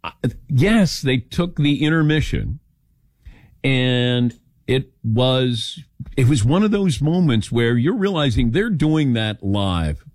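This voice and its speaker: Lively older male radio host. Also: mid-range voice, takes it slowly, dry recording, studio quality. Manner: animated storyteller, acting out quoted lines. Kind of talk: casual talk radio chat.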